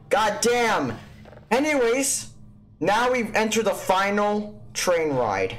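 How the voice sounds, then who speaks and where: High, profane, excitable gamer. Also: male voice, slow. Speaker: let's play host. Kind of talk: gaming commentary.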